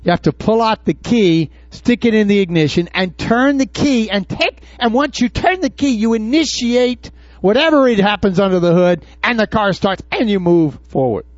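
A man preaching to his congregation in a high voice, tossing out questions and acting out Bible scenes. The sound is dry and a little dull. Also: expressive, normal speed, no echo. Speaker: pastor. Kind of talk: sermon. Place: church before a congregation.

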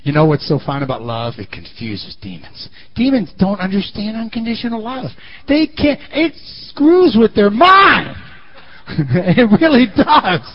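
A man preaching a sermon in an animated way, swinging between loud and quiet, on a muffled lo-fi recording. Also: high voice, a little slow.

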